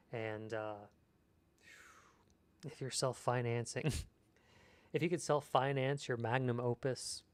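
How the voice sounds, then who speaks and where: A man talks at an easy, unhurried pace as he streams his screenwriting work. His voice sits in a middle register, and he reads out viewers' messages before giving thoughtful, chatty answers. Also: medium pitch. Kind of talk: casual livestream chat while writing.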